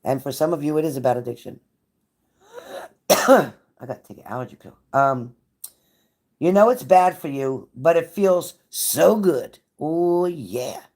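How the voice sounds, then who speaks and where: A woman's voice: low voice, animated, measured pace, long pauses, darkish tone. A woman giving a live tarot reading to viewers, blunt and profane, with a pep-talk delivery that repeats phrases for emphasis. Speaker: tarot reader.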